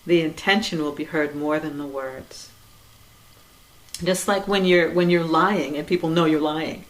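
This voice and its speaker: A woman giving a reflective spiritual talk in a conversational way, with many "you know"s, soft laughs, and quiet trailing phrases. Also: sits low, a little slow, poor audio. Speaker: dharma talk speaker.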